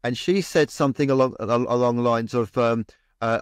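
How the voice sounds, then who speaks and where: A man's voice: mid-range voice, normal speed, smooth, no room sound, studio quality. A man, co-host and medium, telling a story in a rambling way with many restarts and repeated words. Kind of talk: casual storytelling in a podcast chat.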